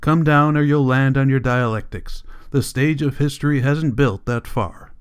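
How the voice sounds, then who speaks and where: A sharp-tongued political leader, read by a man in an audiobook. He talks in a biting, sarcastic way and scolds his colleagues. His voice sits at an ordinary pitch for a man. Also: moderate pace, clear, resonant tone, natural voice. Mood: mocking. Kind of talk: audiobook character reading.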